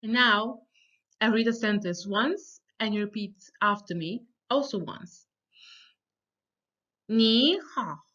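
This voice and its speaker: A woman teaching a beginner language lesson, pronouncing sounds slowly and deliberately, with frequent fillers and pauses. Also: mid-range voice, bright, forceful tone, dull audio.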